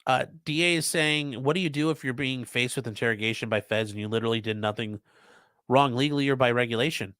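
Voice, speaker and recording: A man's voice: medium pitch, brisk, a bit bright, no echo. A man with a mid-range voice chats on a live stream, reading out viewer comments and answering them bluntly, with swearing thrown in. His voice sounds dry and close, with very little room around it. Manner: blunt, profane, conversational, reads chat aloud. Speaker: lawyer hosting a live stream.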